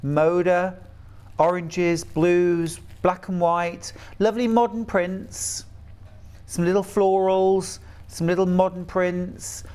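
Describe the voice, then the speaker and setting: A man's voice: high voice, flat delivery, takes it slowly, a little mellow, smooth. A middle-aged man from the UK presenting fabrics on a live shopping channel in a chatty, gushing, enthusiastic way.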